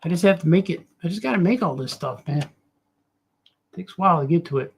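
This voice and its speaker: A man's voice: fairly high pitch, expressive, fast talker, vocal fry, slightly rough. A middle-aged man, a cartoonist, chatting loosely as he draws, with joking, self-mocking asides. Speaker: cartoonist streamer. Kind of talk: rambling casual chat while drawing.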